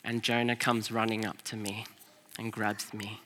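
A man preaching a sermon as pastor, telling a family story in an animated way, swinging from loud to hushed. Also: on the low side, unhurried. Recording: long hall reverb.

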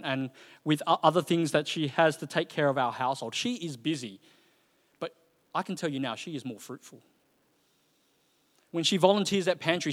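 A man giving a sermon in a church hall, talking in a conversational, animated way with frequent fillers and restarts. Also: fairly high pitch. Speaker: preacher. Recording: reverberant hall.

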